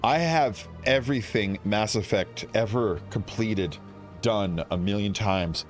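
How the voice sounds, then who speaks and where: A man chatting excitedly while streaming a video game, rambling and laughing often. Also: lowish voice, measured pace, faint music behind. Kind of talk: casual gameplay commentary.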